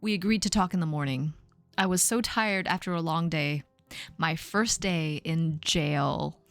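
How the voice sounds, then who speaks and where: A woman in her thirties on a live stream, reading her old fan fiction aloud with self-mocking asides and squeaky sound effects. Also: a bit bright, no room sound. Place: home streaming setup.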